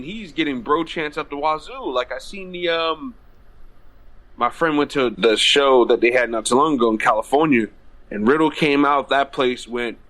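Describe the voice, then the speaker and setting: A man talking wrestling on a casual podcast, blunt and excitable with heavy swearing. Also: medium pitch. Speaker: podcast guest.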